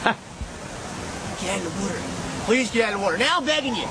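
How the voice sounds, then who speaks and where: A man's voice: high voice, lively intonation, a little fast. An actor playing an exasperated man with a Philadelphia accent, pleading with someone to get out of the water. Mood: nagging. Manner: nagging, pleading, repetitive. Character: exasperated Philly man yelling at a swimmer, impatient, hungry. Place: outdoors by the water. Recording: noisy outdoor video audio with surf.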